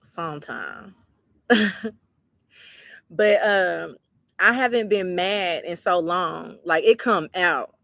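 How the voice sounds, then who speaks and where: Chatty woman with a bright voice. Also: lowish voice, slow pace, creaky, long pauses, dry recording. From Georgia, US. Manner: chatty, relaxed, talks straight to the viewers as y'all. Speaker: livestream host and tarot reader. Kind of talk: casual livestream chat reading viewer comments.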